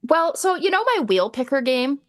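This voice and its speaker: A woman's voice: high voice, animated, normal speed, no echo, clean studio sound. A woman co-hosting a tabletop game livestream, chatting casually and explaining rules with examples. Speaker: livestream co-host. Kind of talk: casual chat about tabletop games.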